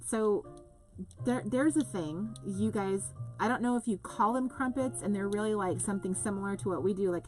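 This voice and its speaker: Hosting a craft live stream, this woman from the US West Coast speaks at medium pitch. She keeps things casual, gushing and wandering as she reads out what viewers comment.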